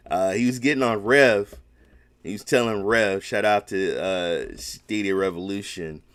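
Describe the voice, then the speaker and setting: A man's voice: fairly low pitch, a little slow, a bit bright, clean tone, dry recording. A man hosting a casual solo gaming podcast, rambling and emphatic, with many restarts.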